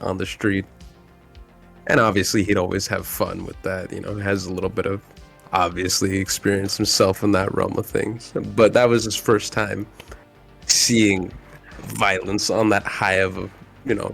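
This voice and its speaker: A man playing a tabletop game, speaking in a laid-back, halting way. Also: low voice, gravelly. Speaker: player. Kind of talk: casual tabletop role-play.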